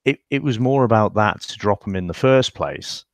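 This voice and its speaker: A man's voice: fairly low pitch, moderate pace, no echo, clean studio sound. A man co-hosting a football podcast, chatting casually and giving strong opinions. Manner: opinionated, animated storytelling. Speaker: podcast co-host.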